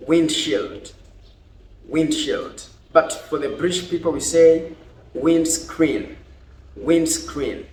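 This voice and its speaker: A Burundian-accented man runs a vocabulary lesson, saying each word slowly and clearly and switching languages as he goes. His voice sits a little high for a man. It carries an echo from the room and a faint hiss in the background. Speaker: English teacher.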